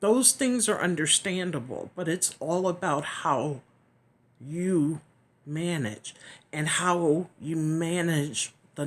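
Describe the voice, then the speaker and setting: An earnest woman speaks slowly, sharing a personal testimony in a fairly low voice. She pauses often and sometimes sinks into a near whisper. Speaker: chronic illness vlogger. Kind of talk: personal testimony, reflective and emotional.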